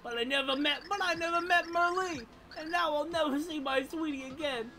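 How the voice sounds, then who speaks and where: A woman's voice: high voice, fairly quick, music in the background, pitched above the performer's own voice, natural voice. A woman reading the lines of a lovesick, mournful young man in a game, with dramatic flair. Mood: mopey.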